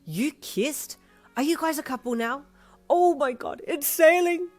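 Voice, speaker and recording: A woman voicing a loud, excitable teenage girl who teases and shouts at her best friend. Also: high voice, unhurried, faint music behind, voice pushed up. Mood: excited.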